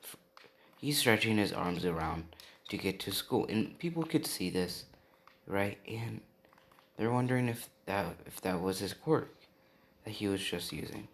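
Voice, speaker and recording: A man's voice: on the low side, expressive, measured pace, long pauses, a bit bright, a little hiss or hum. A young man improvising a fan story, rambling with lots of fillers.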